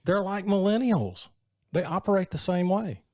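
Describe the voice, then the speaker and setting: A man's voice: sits high, lively intonation, moderate pace, a little mellow, no room sound, studio quality. A man in his forties co-hosting a podcast, making teasing wisecracks. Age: 40s. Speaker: podcast co-host. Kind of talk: casual chat.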